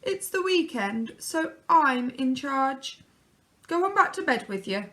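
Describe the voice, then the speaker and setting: A woman's voice: high-pitched, very animated, takes it slowly, sharp tone, heavily acted. A woman voicing a cheerful, bossy father who orders his children about like troops. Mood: hearty. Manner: hearty, commanding.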